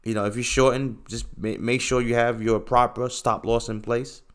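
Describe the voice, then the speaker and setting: A man's voice: mid-range voice, level tone, normal speed. A man hosting a casual livestream, answering chat bluntly, often tagging "okay" and "bro" and pushing his points emphatically. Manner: lectures emphatically, gets louder when making a point.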